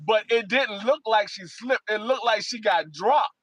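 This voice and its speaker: A man telling stories in a casual podcast chat, animated, raising his voice for quoted lines. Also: high-pitched, unhurried, no echo, low-quality recording. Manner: animated storyteller, voices quotes loudly, laughs. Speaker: podcast co-host.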